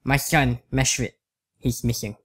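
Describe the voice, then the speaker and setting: A man voicing a worried old dark elf father who speaks gravely and pleads for his son. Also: medium pitch, fairly even intonation, a little slow.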